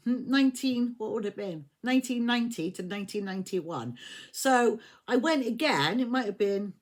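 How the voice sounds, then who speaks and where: An English woman in her fifties telling a rambling personal story in a casual, chatty way, laughing often and swearing now and then. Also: mid-range voice. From England. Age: 50s. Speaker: tarot reader.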